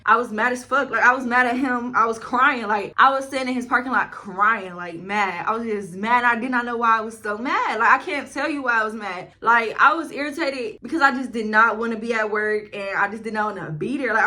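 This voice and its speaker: A woman's voice: fairly high pitch, sharp tone. A young woman, telling a casual, profane storytime to camera at home. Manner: chatty, profane, slangy. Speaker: vlogger. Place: home, in front of a ring light.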